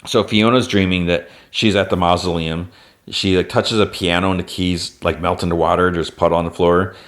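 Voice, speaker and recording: Low-voiced man recapping an episode. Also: fairly even intonation, moderate pace, a bit bright. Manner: retells plot with constant "like" fillers; briefly raises his pitch for quoted character lines. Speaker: podcast host.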